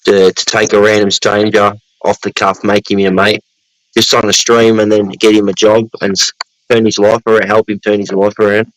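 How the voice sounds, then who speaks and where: A man's voice: fairly low pitch, flat delivery, normal speed, no room sound, rough recording. An Australian man hosting a casual chat in a blunt, sweary, earnest way.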